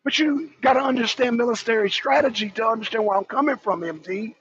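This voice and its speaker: A man giving heated commentary on a talk show, ranting in a loud, profane, mocking way. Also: extremely high pitch, quick pace, slightly rough. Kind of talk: heated live-stream commentary. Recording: dull, dry lo-fi sound.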